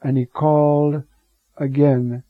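A man's voice: on the high side, level tone, slow pace, no room sound. A man preaching on scripture, digressive, with rhetorical asides and Hebrew words. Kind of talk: scripture teaching sermon. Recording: dull lo-fi recording.

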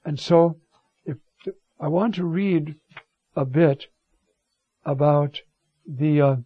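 A man's voice: a little high, slow pace, no room sound. A man giving a Bible lecture, reading passages and explaining them with frequent asides and restarts. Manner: animated, many "you see" asides and restarts. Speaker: Bible teacher. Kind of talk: scripture lecture. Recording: dull lo-fi dry recording.

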